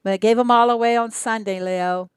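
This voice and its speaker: An older woman from Arkansas, chatting casually with viewers on her game livestream in an unhurried way with lots of fillers. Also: a little high, steady tone, clear, resonant tone, no room sound, studio quality. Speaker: game streamer.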